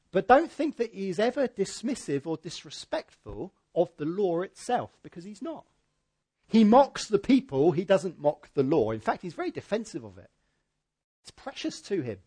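A man preaching a sermon in a conversational, emphatic way, with a husky voice. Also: high voice, a little mellow.

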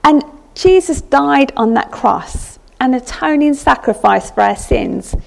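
High, gravelly woman preaching a sermon. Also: lively intonation, a little slow. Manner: reflective storytelling with fillers and restarts.

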